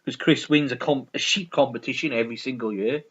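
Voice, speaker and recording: A man's voice: medium pitch, brisk, a bit bright, husky, muffled recording. A man hosting his own video, chatting casually and enthusiastically about a favourite comedy, repeating himself and swearing freely. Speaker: video host.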